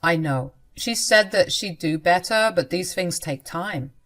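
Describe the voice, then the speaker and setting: Woman voicing a soft-spoken pleading young husband. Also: on the low side, expressive, unhurried. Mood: soothing. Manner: soft, apologetic.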